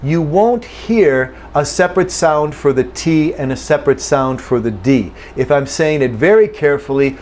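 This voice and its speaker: A man teaching English pronunciation, patiently saying phrases slowly and then at normal speed. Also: fairly high pitch, expressive, darkish tone, slight background noise. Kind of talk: pronunciation lesson.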